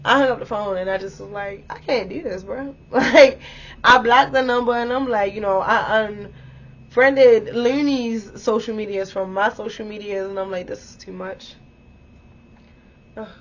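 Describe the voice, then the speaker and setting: A woman in her twenties telling a story in a casual vlog, animated and exclamatory, swearing freely and talking straight to her viewers. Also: on the high side, moderate pace, a little hiss or hum. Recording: dull lo-fi audio.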